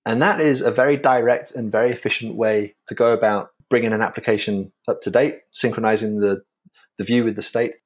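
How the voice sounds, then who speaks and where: A man from England with a Yorkshire accent, a guest on a technical podcast, explaining his software carefully with small restarts. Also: on the low side, steady tone, brisk. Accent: Yorkshire English. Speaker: guest, framework creator.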